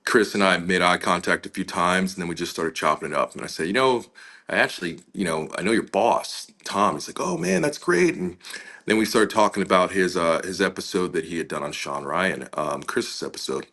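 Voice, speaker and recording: A man's voice: sits low, a little fast, pushed and bright. A man, an interview guest, recounting a story in a casual, conversational way, full of fillers and acted-out dialogue. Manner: casual, many fillers, acts out quoted dialogue.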